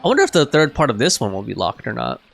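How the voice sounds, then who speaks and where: Fast-talking guy doing let's-play commentary, rambly, lively voice. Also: medium pitch, vocal fry, background noise. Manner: rambling, filler-heavy. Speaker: gameplay commentator.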